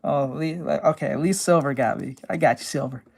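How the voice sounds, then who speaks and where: A man with a naturally high-pitched voice, streaming and chatting casually, loose and full of fillers and swearing. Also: fast talker, vocal fry, darkish tone. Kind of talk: casual live-stream chat.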